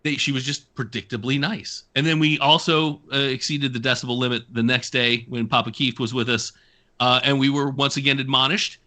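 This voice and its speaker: Podcast guest, man, bright forceful tone, measured and easygoing. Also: medium pitch, steady tone. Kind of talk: casual podcast chat.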